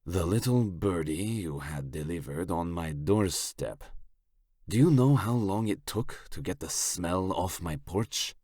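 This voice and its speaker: A man voicing a menacing, slick Italian crime boss in an audiobook, with a put-on Italian accent and a slow, smug, suggestive delivery. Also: low voice, expressive, a little mellow, no echo, studio quality. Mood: cold. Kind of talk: audiobook character voice.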